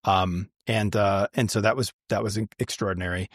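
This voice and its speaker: A man's voice: fairly low pitch, steady tone, normal speed, no room sound, clean studio sound. A man telling stories about his life in a casual, chatty way, with many fillers and restarts. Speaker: guest. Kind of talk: casual storytelling.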